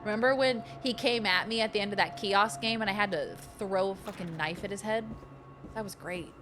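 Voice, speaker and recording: A woman's voice: mid-range voice, a little fast, fairly bright tone, slight background noise. A woman streaming a video game, chatting casually and reading the game's text aloud with jokey asides. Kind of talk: casual let's-play chat.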